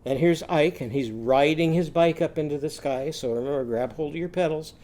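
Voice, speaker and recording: A man's voice: fairly high pitch, a little fast, dark tone. A man teaching young children a phonics lesson, singing little chants and leading sound drills for them to repeat.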